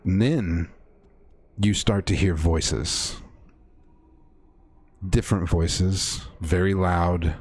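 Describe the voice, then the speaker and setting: A man acting as game master, slowly describing a horror scene in a tabletop game with frequent fillers. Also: sits low, steady tone, darkish tone.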